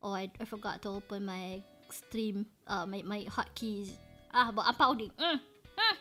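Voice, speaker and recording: A woman's voice: medium pitch, normal speed, sharp tone, soft background music. A Malaysian woman livestreaming, chatting playfully and laughing often, mixing in English. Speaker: streamer. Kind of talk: casual livestream chat.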